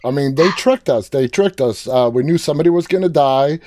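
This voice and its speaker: A male host leads a live interview with a fan's eagerness. His voice is mellow and dark-toned. The sound is close and dry. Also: fairly high pitch, fairly quick, dry recording.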